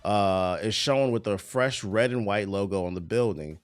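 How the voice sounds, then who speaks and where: With faint music in the background, a man streams casually at a moderate pace in a smooth voice, reading entertainment news and veering into profane, laughing asides. His pitch jumps excitably.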